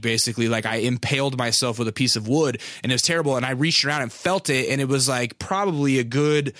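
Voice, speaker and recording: A man's voice: medium pitch, steady tone, fairly quick, few pauses, bright, forceful tone, dry recording, studio quality. A young man hosting a podcast, telling a rambling, self-mocking story with crude humor in a casual way. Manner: rambling, laid-back, crude humor, laughs at himself. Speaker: podcast host.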